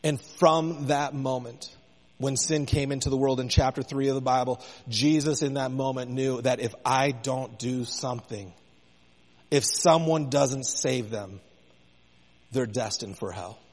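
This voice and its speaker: A man's voice: medium pitch, unhurried, long reverb tail. A man preaching a sermon, impassioned, his intensity rising and falling as he speaks.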